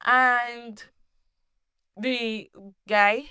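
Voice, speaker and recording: A woman hosting her own podcast, telling a personal story in a casual, animated way, laughing often and restarting sentences. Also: fairly high pitch, drawn-out words, smooth, no echo, studio quality. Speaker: podcast host.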